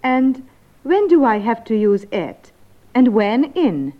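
An inquisitive student with a high, lively voice, asking questions on a dull, lo-fi tape. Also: female voice, takes it slowly. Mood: curious. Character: curious female language student.

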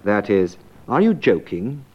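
A man narrates a language lesson in clear, measured tones, his pitch moving in lively swings. The sound is dull and lo-fi, like an old course tape. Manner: clear, measured teacher delivery. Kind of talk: scripted narration and explanation.

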